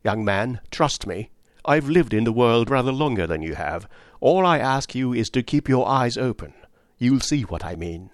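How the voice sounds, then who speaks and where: A man voicing a brusque, blunt middle-aged spinster who speaks in curt, forceful bursts. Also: mid-range voice, lively intonation, moderate pace, no room sound, clean studio sound, close to an everyday voice. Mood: urgent.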